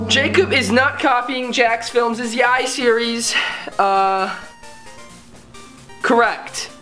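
A man's voice: very high-pitched, steady tone, drawn-out words, over music. A young man casually reading viewer comments aloud and joking about them in a playful, mock-dramatic way. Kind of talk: casual comedic vlog.

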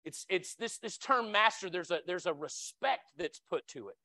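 Bright, dry-voiced lay preacher man. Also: lively intonation, normal speed, no echo. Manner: conversational, repeats words, acts out cries with sudden loud high shouts. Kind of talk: sermon. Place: church sanctuary.

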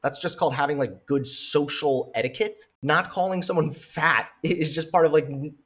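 A man giving reaction commentary with open scorn and heavy sarcasm, swearing freely. His voice sits slightly high for a man. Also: moderate pace, fairly bright tone, husky. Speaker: commentary host.

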